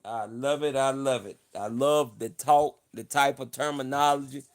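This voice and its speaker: Male livestream host, playful and boastful, fond of repeating himself, mid-pitched voice. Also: moderate pace. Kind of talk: casual livestream chat.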